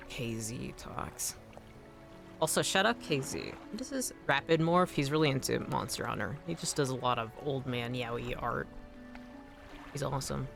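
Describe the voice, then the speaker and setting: A man's voice: medium pitch, expressive, normal speed, gravelly, music in the background. A man streaming a game, chatting casually in a rambling, self-deprecating way. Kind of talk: casual gameplay chat.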